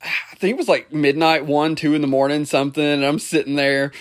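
A young man hosts a relaxed talk show, speaking in a friendly, chatty way. He laughs easily and keeps the talk flowing. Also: fairly high pitch, a little fast. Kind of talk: casual conversation.

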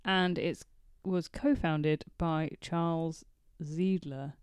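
Brief: female podcast co-host from England, giggly and eager, smooth clear voice, dry close recording. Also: deep voice, fairly even intonation, slow, a little mellow, dry recording. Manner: giggly, enthusiastic storyteller. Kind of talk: casual chat.

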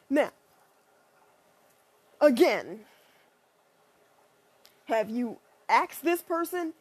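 A woman ranting in a blunt, profane and sarcastic monologue, leaping up and down in pitch. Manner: animated, with sudden pitch jumps.

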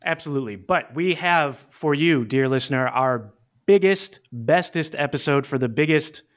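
A man's voice: fairly high pitch, lively intonation, moderate pace, fairly bright tone. A man hosting a fan podcast, upbeat and jokey as he introduces the show and guests. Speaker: podcast host. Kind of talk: casual podcast chat.

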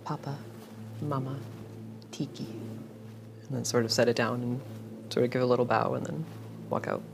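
A woman's voice: very deep voice, fairly even intonation, moderate pace, vocal fry, noisy background. A woman playing a tabletop game, hesitant and searching for words. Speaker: player.

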